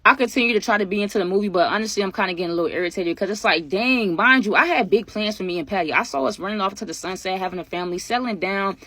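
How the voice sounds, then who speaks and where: Fast-talking young woman telling a storytime. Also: medium pitch, no room sound. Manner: animated, slangy, talks to viewers as y'all. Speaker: vlogger. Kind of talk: casual storytime.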